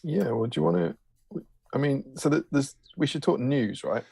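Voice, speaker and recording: A man's voice: mid-range voice, animated, moderate pace, vocal fry, dark tone, husky, dry recording. A man co-hosting a casual live stream, throwing in dry, teasing quips. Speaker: co-host of a tabletop wargaming stream.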